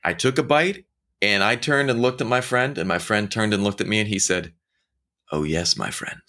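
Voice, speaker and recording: A man's voice: lowish voice, fairly quick. A man giving a casual motivational talk. He speaks straight to the listener and tells stories, often acting out the voices of the people in them. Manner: animated storytelling, acting out quoted voices; conversational, addresses listener directly.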